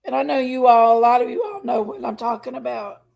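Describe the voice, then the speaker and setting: A woman chats live with her viewers, greeting each one by name. Her voice sits high and has a gravelly fry. She talks openly and with feeling about her own struggles. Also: steady tone, a little fast, darkish tone. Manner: chatty, greets viewers by name, says honey and y'all; emotional, open about personal struggles. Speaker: livestream host. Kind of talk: casual chat with live viewers.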